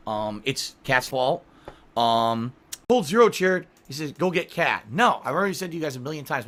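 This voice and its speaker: Bright-voiced man ranting on stream. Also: mid-range voice. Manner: profane, exasperated, lively complaining. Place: home office room.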